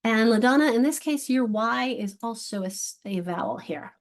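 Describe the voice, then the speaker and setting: A woman literacy instructor leading an online workshop for teachers, encouraging and sounding out syllables slowly. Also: a little high, animated.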